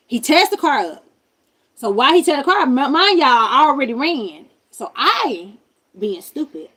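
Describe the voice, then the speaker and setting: An animated woman streamer tells a personal story in a loose, slangy voice, talking straight to her viewers. Her voice sits on the higher side for a woman. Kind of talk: casual storytelling.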